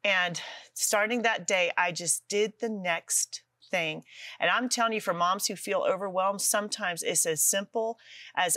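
A woman's voice: medium pitch, measured pace, pushed and bright, dry recording, clean studio sound. A middle-aged woman, a guest author, telling her story earnestly with self-deprecating humor on a talk show. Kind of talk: testimony in a studio talk show.

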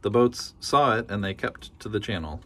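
A man reading a children's picture book aloud in a gentle, rhythmic storytelling manner. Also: fairly low pitch, lively intonation, moderate pace. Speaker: storybook reader.

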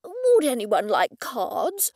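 A woman voicing a formal, precise gentleman who speaks in a measured, lecturing way. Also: fairly high pitch, gravelly, breathy edge, dry recording, studio quality, exaggerated voice.

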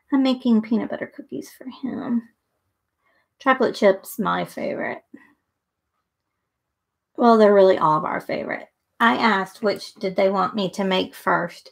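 A middle-aged woman runs a live painting tutorial, chatting casually and thinking aloud while she works. Her medium-pitched voice is gravelly with a breathy edge.

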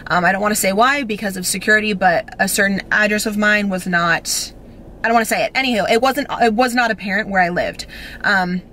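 A woman's voice: mid-range voice, a little fast, pushed and bright, a little hiss or hum. Teary young woman vlogger gushing. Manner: breathless, gushing, filler-heavy. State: teary, on the verge of crying. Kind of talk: emotional storytime vlog. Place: home.

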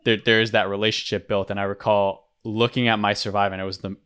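A man's voice: fairly low pitch, flat delivery, quick pace, a bit bright, smooth. A man casually recounting a training story, rambling with many restarts. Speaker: former rescue swimmer guest.

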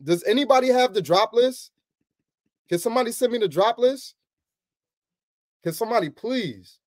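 A man hosting a sneaker channel, chatting casually with his viewers in animated slangy banter and laughing often. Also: very high voice, normal speed, dry recording, clean studio sound. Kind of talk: casual streaming chat.

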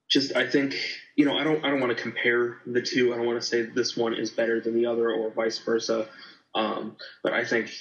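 A man's voice: medium pitch, fairly bright tone, highs cut off. A man co-hosting a casual movie review podcast, rambling with many fillers and restarts. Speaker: podcast co-host.

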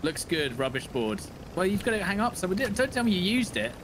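A man's voice: sits high, fast, slight background noise. A man joking around while playing a video game with friends, in casual gaming banter. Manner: joking, playful, animated. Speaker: gamer co-player.

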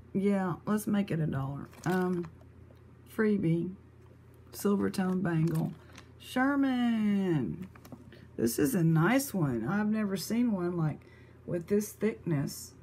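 Woman vlog host, unhurried, chatty, exclaims over finds, faint hum behind. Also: mid-range voice. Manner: chatty, exclamatory, thinking aloud. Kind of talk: casual vlog chat showing thrift finds.

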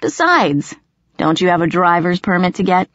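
A calm, protective teenage boy, reassuring and low-key, as a woman reads him. The voice lifts a little higher than her narration. It is recorded dry and slightly dull. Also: moderate pace, no room sound.

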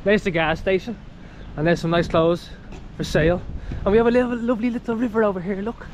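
A man's voice: high-pitched, steady tone, quick pace, dull audio, a little hiss or hum. A man hosting a casual travel vlog outdoors, chatty and upbeat, talking to his viewers as he walks along a street. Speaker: travel vlogger. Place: outdoors on a town street with passing traffic.

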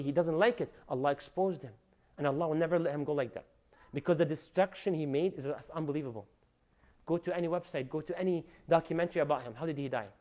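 A man giving an animated religious lecture, preaching with loud rising emphasis and Arabic phrases mixed in. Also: a little high. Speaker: Islamic lecturer.

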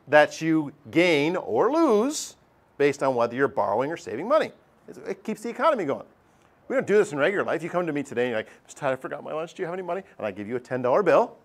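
A middle-aged man teaching a math class, lively and joking, acting out his students' voices. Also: medium pitch. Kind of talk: classroom lecture.

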